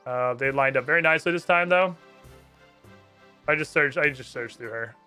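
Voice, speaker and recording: A man's voice: mid-range voice, normal speed, sharp tone, smooth, faint music behind. A man streaming a game and chatting casually, swearing and making fun of himself as he plays. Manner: swearing, self-deprecating, chatty. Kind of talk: casual gameplay commentary.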